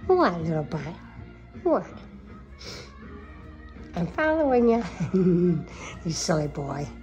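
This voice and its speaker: Slow, low-voiced woman cooing to cats. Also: big pitch swings, muffled recording, soft background music. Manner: cooing, affectionate, drifting into soft whispers. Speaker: cat owner filming her pets. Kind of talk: casual baby talk to cats. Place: home, indoors.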